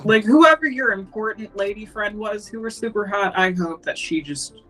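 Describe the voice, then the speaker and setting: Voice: medium pitch, fairly bright tone, soft background music, rough recording. Crude blunt player at the game table. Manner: crude, blunt, fast joking. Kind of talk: casual game-table banter.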